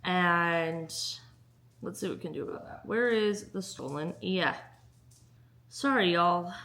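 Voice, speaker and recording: A woman's voice: mid-range voice, fairly bright tone. A young woman chatting casually in a book vlog, bubbly and giggly. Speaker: book vlogger.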